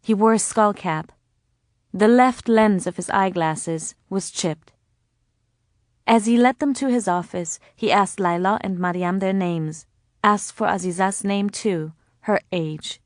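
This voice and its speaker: A woman reading a novel aloud in measured, scripted narration. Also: mid-range voice, no echo, studio quality. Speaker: audiobook narrator.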